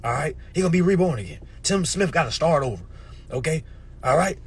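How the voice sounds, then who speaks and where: A high-pitched, husky man lectures his viewers in a loose, profane rant. His voice leaps all over, keeps checking in with "all right? okay?", and lurches from hushed asides to outbursts. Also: animated, fairly quick. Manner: dramatic swings between murmurs and shouts. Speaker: social media commentator. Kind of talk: casual ranting monologue.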